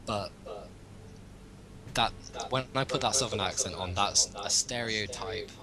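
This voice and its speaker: Rambling young man, loud crowd behind. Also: on the low side, unhurried, low-quality recording. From Britain. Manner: rambling, opinionated, thinks aloud. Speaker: host. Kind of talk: casual political chat.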